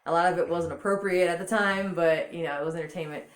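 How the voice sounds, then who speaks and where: A woman talking as an interview guest, animated and laughing often as she tells stories. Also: on the low side, quick pace, echoey room. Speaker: guest, voice performer. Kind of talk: casual interview.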